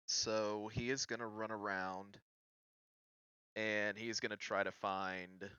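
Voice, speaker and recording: A man narrating a tabletop game as game master, with a slow, relaxed delivery. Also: lowish voice, clean tone, no room sound, muffled recording.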